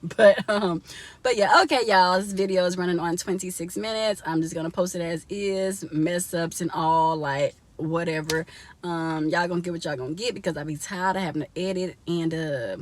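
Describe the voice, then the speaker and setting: A woman's voice: lowish voice, steady tone, normal speed, a little hiss or hum. A young woman vlogging casually from inside a car, chatty and laughing often as she talks to her viewers.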